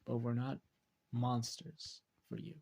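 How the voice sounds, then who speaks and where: Brief: a man playing a measured, dry ninja teacher, gravelly and husky. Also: mid-range voice, fairly even intonation, darkish tone. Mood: calm. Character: calm adult male ninja teacher, dry.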